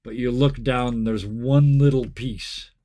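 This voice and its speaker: A man serves as game master, narrating a tabletop fight in a relaxed, joking tone. His voice sits at a middling pitch, and he sniffs now and then between phrases. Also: measured pace.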